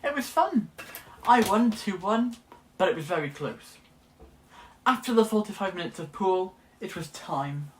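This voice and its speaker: A man's voice: sits high, lively intonation, normal speed, pauses often, slight background noise. A young man, chatting casually to camera as a student vlogger, rambling and correcting himself as he goes. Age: late teens. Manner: chatty, rambling, often restarts and self-corrects. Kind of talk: casual vlog chat.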